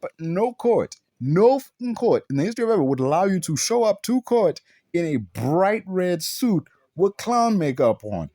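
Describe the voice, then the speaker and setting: A man's voice: high voice, sing-song, normal speed, dark tone, no room sound. A man ranting through a film review, exasperated and swearing heavily, firing off rhetorical questions. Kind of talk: profane ranting movie review.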